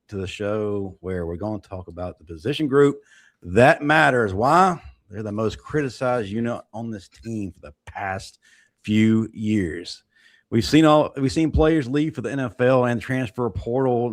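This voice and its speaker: A man's voice: lowish voice, no room sound, clean studio sound. A man hosting a live sports talk show, upbeat and emphatic as he reads sponsor plugs and steers the panel. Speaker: show host.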